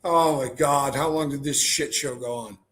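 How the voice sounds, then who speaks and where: A man co-hosting a podcast, reacting with laughter and explaining ideas in a casual, measured way. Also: mid-range voice, steady tone, fairly bright tone. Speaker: podcast co-host. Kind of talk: casual chat. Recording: faint background noise.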